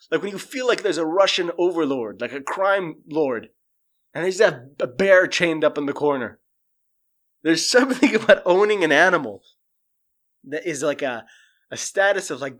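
Guy streaming, ranting all loud and sweary, voice kinda high, jumps way up when he's worked up. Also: a little slow. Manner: animated, profane, swings pitch widely when exasperated. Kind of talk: casual livestream rant.

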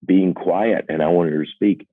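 Low-voiced older man, phone-thin and dry. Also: steady tone, breathy edge, no room sound. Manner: earnest and reflective, self-deprecating, halting restarts. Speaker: singer-songwriter guest. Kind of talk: candid personal storytelling. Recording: dry, phone-like narrow sound.

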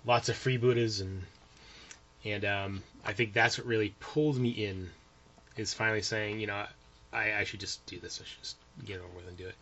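A man in casual hobby chat who talks eagerly but haltingly, restarting often. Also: fairly low pitch, fairly even intonation, fairly bright tone. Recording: dull lo-fi recording.

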